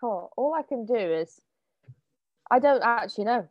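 A woman's voice: on the high side, lively intonation, moderate pace, dry recording, dull audio. A woman guesting as a musician in a radio chat, blunt and wry, a bit stressed. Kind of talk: casual chat.

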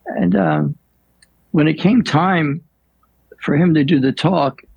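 Older male priest, gravelly and husky, unhurried reflective storyteller in a dry studio. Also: a little high, darkish tone, no room sound, dull audio. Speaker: priest guest. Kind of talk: storytelling in an interview.

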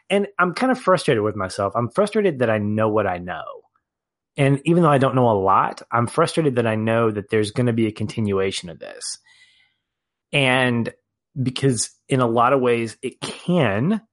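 A man co-hosting a podcast, talking through a film in casual discussion, animated at times and laughing as he reflects. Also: mid-range voice, normal speed, dry recording. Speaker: podcast co-host.

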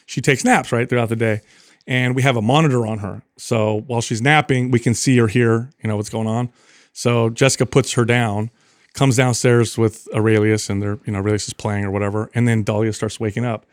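A man's voice: medium pitch, fairly quick, dry recording, clean studio sound. A young adult man co-hosting a podcast, telling stories in casual chat with lots of laughter. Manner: animated, laughing storyteller. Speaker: podcast co-host.

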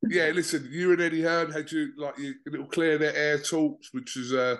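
A man's voice: on the high side, steady tone, moderate pace, a bit bright. A man interviewing a boxer remotely, easygoing and polite as he steers the talk.

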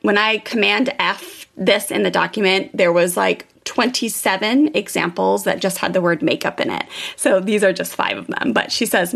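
A middle-aged woman hosts a parenting show in a loose, chatty monologue. Her voice carries a gravelly edge. She tells everyday stories with an animated lilt. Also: medium pitch, moderate pace. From California, US. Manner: chatty, animated storytelling with fillers. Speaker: podcast host, parenting coach. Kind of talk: casual monologue with anecdotes.

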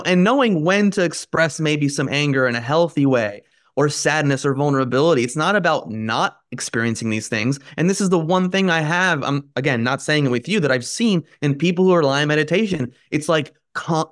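A man's voice: a little high, no echo, studio quality. A man hosting a podcast, talking thoughtfully and searching for his words, with frequent fillers. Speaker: podcast host. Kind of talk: reflective conversational talk.

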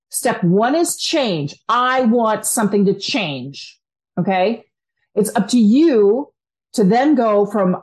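A woman hosting a motivational self-help talk, speaking straight to the listener with upbeat enthusiasm and acting out quoted inner thoughts. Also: darkish tone. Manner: acts out quoted inner voices with big pitch jumps. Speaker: podcast host and coach.

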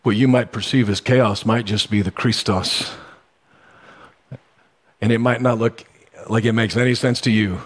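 Husky-voiced pastor preaching conversationally. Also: male voice, on the low side, a little slow, long pauses. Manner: conversational storytelling with sudden animated bursts. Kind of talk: sermon.

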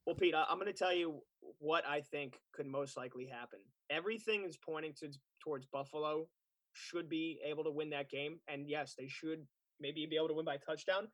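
A man co-hosts a sports betting podcast and talks through his picks in a chatty, confident way. His voice sits a bit high, and the sound is dry and close. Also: brisk, dry recording. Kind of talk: casual sports betting chat.

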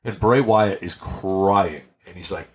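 A brash, animated man with a somewhat low voice tells stories on a podcast. He talks in a casual, profane way. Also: takes it slowly. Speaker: podcast guest. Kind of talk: casual storytelling.

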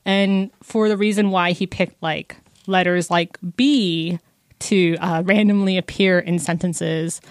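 A woman's voice: on the low side, fairly even intonation, measured pace, no room sound, clean studio sound. A woman in her twenties chatting casually about a book, with lots of fillers and bits where she quotes people. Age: 20s. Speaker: book discussion co-host.

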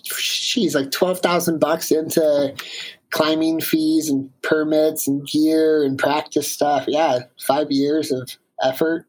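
A man, a guest on an interview show, telling an animated story in a casual way, with many fillers. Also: on the high side, slow, poor audio.

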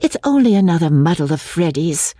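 A woman's voice: on the low side, very animated, a little fast, mellow, dry recording, clean studio sound, voice pushed up. A woman voicing a spirited young woman who protests and exclaims, in a dramatic reading of a classic novel. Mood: protesting.

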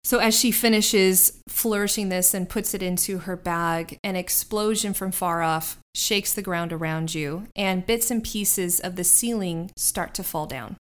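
A woman's voice: fairly low pitch, a little slow, few pauses. Woman narrating as game master. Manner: descriptive, rambling with restarts.

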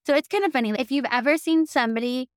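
A woman's voice: sits high, fast talker, clean tone, no room sound, studio quality. A young woman from the American South, coaching in a chatty, upbeat way and often saying "like". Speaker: business coach. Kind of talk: casual teaching to camera.

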